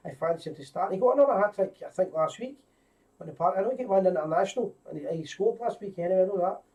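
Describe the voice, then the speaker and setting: A chatty Scottish man hosts a live stream in a loose, rambling way, greeting viewers one after another. His voice sits fairly high for a man but sounds mellow and soft-edged. He is heard from a little way off the mic. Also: expressive, fast, distant mic, low-quality recording. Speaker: host of a live fan show. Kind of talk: casual live-stream chat.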